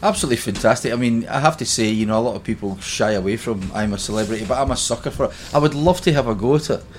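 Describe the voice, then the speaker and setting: A man's voice: mid-range voice, rapid-fire. Scottish guy, 50s, yarning away on a podcast, laughs a lot, bit of background hiss. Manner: chatty storyteller, laughs easily. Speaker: podcast guest. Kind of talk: casual chat.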